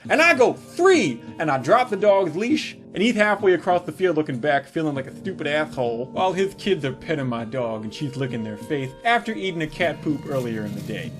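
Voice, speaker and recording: A man telling crude comedic stories in an animated monologue, landing punchlines deadpan. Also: a little high, fairly quick, hardly any pauses, over music. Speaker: comedic storyteller.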